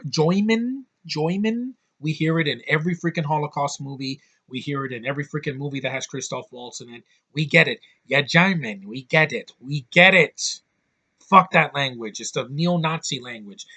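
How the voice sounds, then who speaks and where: A man reviewing a movie in a loose, unscripted way, blunt and quick to curse, often stumbling and restarting mid-sentence. His voice is bright and forward, with a middle pitch. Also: highs cut off. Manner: blunt, rambling, swears often, many restarts. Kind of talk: casual film review.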